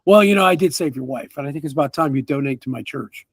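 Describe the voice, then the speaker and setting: A man's voice: fairly high pitch, lively intonation, fast, slightly rough, no room sound, clean studio sound. A man voicing a snobbish, blunt male city priest who is reluctant and demanding, with a haughty, entitled manner.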